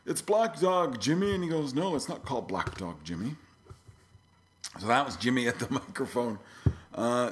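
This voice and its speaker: A middle-aged man hosting his own podcast, talking casually and rambling with many fillers and restarts. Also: lowish voice. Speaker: podcast host. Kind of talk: casual solo podcast talk.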